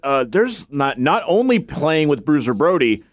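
A man co-hosting a podcast in casual chat, reacting quickly to the others. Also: fairly high pitch, big pitch swings, no room sound. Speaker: podcast co-host.

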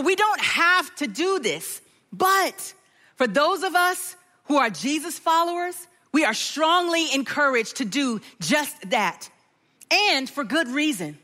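High bright-voiced woman preaching in a hall. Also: measured pace. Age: middle-aged. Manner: animated storytelling, acting out voices. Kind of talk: sermon with personal story.

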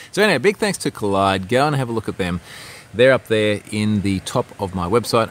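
A man's voice: low voice, slight background noise. A man hosting a casual livestream outdoors, rambling through a technical story and reading viewer comments aloud. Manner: rambling, restarts mid-sentence, reads viewer comments aloud. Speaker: livestream host. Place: outdoors at home with a view.

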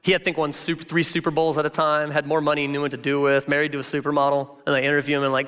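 Male pastor, high bright voice, chatty animated sermon delivery, roomy hall sound. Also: fast, hardly any pauses, clear, resonant tone. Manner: animated, chatty, full of filler words. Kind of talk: casual conversational sermon.

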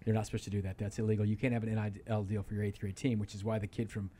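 A man's voice: lowish voice, flat delivery, racing, warm tone, a little hiss or hum. A man talking sports on a radio show in a studio, rambling and emphatic, often restarting his sentences. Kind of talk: casual sports talk.

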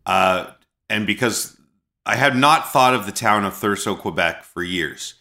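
A man's voice: lowish voice, unhurried, pushed and bright. A Canadian man hosting a podcast, telling rambling stories with many restarts over a remote call. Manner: rambling storyteller, frequent restarts. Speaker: podcast host. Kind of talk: casual chat.

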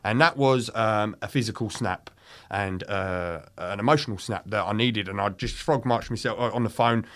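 A man's voice: lowish voice, moderate pace, a bit bright. A young British man telling a candid story in casual chat, swearing freely. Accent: British English. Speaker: podcast guest.

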